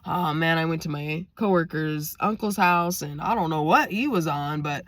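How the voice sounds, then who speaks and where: A woman's voice: low voice, moderate pace, fairly bright tone, no room sound. A woman quoting a defensive, excuse-making man calling from jail, raising her voice for him. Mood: pleading excuses. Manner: whiny, defensive, pleading.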